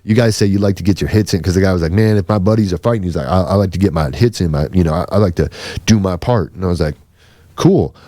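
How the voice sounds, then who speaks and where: A man's voice: deep voice, rapid-fire, mellow, no echo, clean studio sound. A man telling a rambling story on a podcast, swearing freely and acting out what others said. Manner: swearing, rambling, acts out quoted voices. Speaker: podcast host. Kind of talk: casual storytelling chat.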